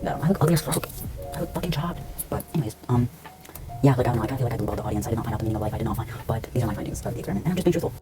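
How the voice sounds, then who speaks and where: Fast-talking young man rambling to camera. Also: mid-range voice, expressive, over music. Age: young adult. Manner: rambling, swears often, many fillers and restarts. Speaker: vlogger. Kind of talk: casual rambling talk to camera. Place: indoors at a family home.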